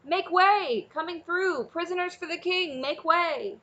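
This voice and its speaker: Lady doing a gruff dragon guy yelling make way, bright edgy voice, lo-fi sound. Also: very high voice, unhurried, voice pushed up, exaggerated voice. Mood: shouting. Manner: loud, bossy shouting. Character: gruff satisfied male escort dragon.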